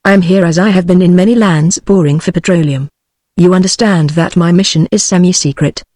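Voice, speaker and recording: A woman's voice: lowish voice, fairly quick, darkish tone, dry recording, clean studio sound, lightly acted. Synthetic woman voice reading a chatty fat oil prospector. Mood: explaining. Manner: synthetic evenly read speech. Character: fat middle-aged male oil prospector, talkative.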